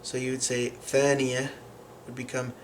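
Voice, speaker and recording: A man teaching a lesson on pronunciation, explaining patiently with frequent pauses and fillers. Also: mid-range voice, monotone, slight background noise. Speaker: language teacher.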